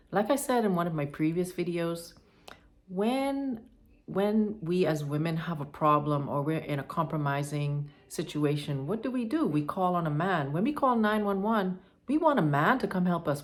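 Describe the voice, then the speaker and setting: A woman's voice: fairly low pitch, animated, moderate pace. A woman giving advice to the camera in a monologue, emphatic and firm, repeating her points. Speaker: advice vlogger.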